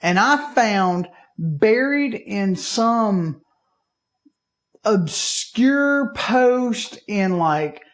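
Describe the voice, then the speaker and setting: A man from Alabama, co-hosting a podcast and telling a story in a lively way, acting out his own panicked reactions. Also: sits high, very slow. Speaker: podcast co-host. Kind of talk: casual chat.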